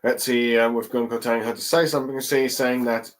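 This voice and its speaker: A man's voice: mid-range voice, fairly even intonation, rough recording. Hesitant man recapping with many fillers. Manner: halting, many ums and let's sees. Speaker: chapter reviewer. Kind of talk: casual solo commentary.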